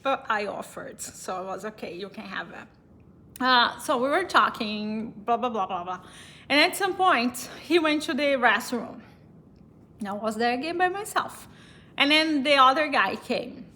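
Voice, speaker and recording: A woman's voice: sits high, expressive, measured pace, pushed and bright. A woman from Brazil with a Brazilian accent, casually telling a personal story in English, chatty and laughing often between fillers and restarts.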